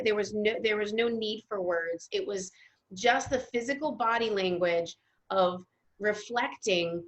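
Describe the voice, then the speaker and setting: Halting young woman, lo-fi sound. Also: mid-range voice. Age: young adult. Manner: halting, restarts often with ums. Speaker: guest, music therapist. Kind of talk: casual interview talk. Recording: dull lo-fi sound.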